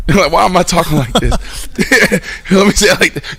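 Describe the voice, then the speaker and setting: A man hosting a casual sports talk show, who talks in slang and rants loudly in mock outrage. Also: high voice, a little slow, husky, dry recording. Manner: animated, loud rant with mock outrage.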